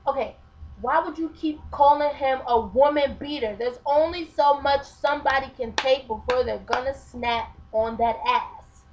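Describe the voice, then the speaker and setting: Woman gossiping and mocking, kinda high voice, muffled lo-fi sound. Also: moderate pace. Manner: storytelling, mocking, acts out quotes. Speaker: vlogger. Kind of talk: casual opinion chat. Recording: dull lo-fi webcam sound with faint hiss.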